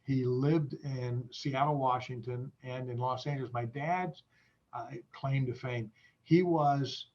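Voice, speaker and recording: A man who is a guest on a video call, chatting casually in a halting way with many restarts and fillers. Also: medium pitch, fairly even intonation, a little mellow, muffled recording.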